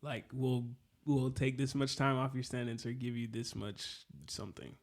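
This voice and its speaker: A man's voice: medium pitch, fairly even intonation, moderate pace. Playful young man co-host. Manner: playful, giggly, silly. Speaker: podcast co-host. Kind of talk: casual podcast chat.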